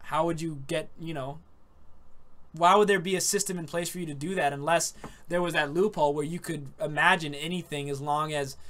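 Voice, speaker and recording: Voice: medium pitch, steady tone, fairly quick, a bit bright. A podcast host chatting casually about an anime, rambling and laughing often. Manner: rambling, laughs often, says dude and man.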